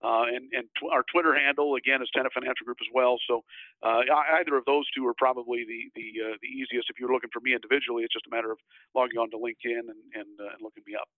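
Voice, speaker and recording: A man's voice: medium pitch, steady tone, fast, dry recording. Guy guest on a podcast, lots of uh and restarts, sounds like a thin phone line. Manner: hesitant, many fillers and restarts. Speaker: guest, financial firm CEO. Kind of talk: casual interview talk. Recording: tinny phone-like line, dry.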